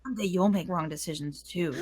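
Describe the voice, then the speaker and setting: A woman player in a tabletop game who talks playfully, quickly and teasingly. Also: fairly low pitch, darkish tone, husky. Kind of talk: tabletop role-play banter.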